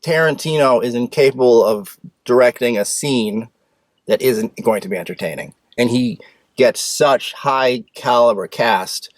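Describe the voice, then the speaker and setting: A man's voice: medium pitch, measured pace, no echo. Man, casual movie review host, opinionated, rambling, restarts, dry close sound. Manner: blunt, rambling, frequent restarts and sudden speedups.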